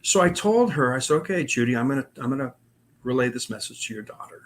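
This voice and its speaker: This guest is a paranormal investigator who talks fast in an expressive, medium-pitched voice, with a little hiss or hum audible. He recounts his personal paranormal stories loosely, rambling with frequent fillers and restarts.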